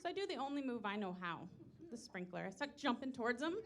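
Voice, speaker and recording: A woman's voice: on the high side, fast talker, heavy background noise. A woman in her thirties telling self-deprecating stories in a stand-up comedy set. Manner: self-deprecating, animated storytelling. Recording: live room with audience laughter.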